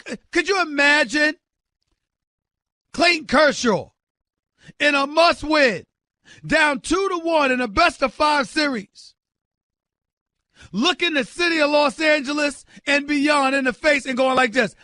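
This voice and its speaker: High-voiced, fired-up sports talk host. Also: male voice, animated, moderate pace, long pauses, no room sound. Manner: loud, emphatic, exclaiming, incredulous; calls on listeners directly. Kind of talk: sports radio rant.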